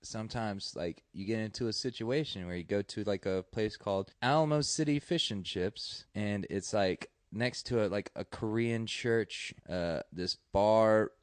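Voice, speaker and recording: A man's voice: lowish voice, a little slow, hardly any pauses, dry recording. Profane rambling storyteller guy, dry mic. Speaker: stand-up comedian guest. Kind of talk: casual podcast chat, storytelling.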